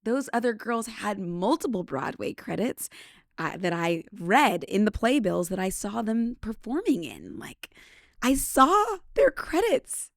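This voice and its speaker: A woman from British Columbia hosting her show, telling a story in a chatty, animated way. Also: mid-range voice, measured pace, creaky, no room sound, studio quality. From British Columbia, Canada. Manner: chatty and animated, acts out quotes. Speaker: podcast host. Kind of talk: casual storytelling monologue.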